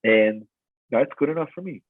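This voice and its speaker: A man's voice: medium pitch, normal speed, dry recording. Profane forty-something man on a tinny line. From United States. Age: 40s. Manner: intense, profane, animated storytelling. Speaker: strength coach and gym owner. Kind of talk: podcast interview.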